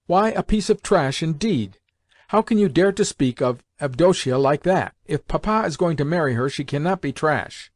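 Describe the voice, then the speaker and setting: A man's voice: mid-range voice, animated, a little fast, a little mellow, dry recording, clean studio sound, natural voice. A man voicing a young woman, an earnest younger sister, speaking in a raised, insistent, reproachful way. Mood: shocked.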